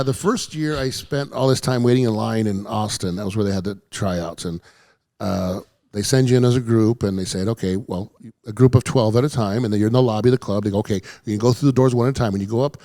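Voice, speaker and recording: A stand-up comedian appears as a guest for a casual storytelling chat, talking quickly and ramblingly in a warm, low-key tone. He interrupts himself and acts out the voices of people he quotes. The sound is dry, recorded in a studio with headphones and a mic.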